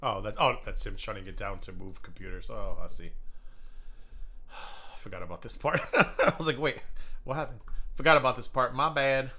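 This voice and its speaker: Mocking, bright-voiced male streamer. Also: mid-range voice, normal speed. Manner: gossipy, mocking, laughs a lot. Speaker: livestream host reacting to clips. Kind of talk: casual commentary stream.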